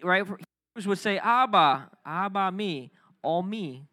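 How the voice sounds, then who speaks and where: Male youth pastor, bright high voice, energetic sermon with crowd call-outs. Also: slow. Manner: energetic, calls for crowd responses. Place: church youth service.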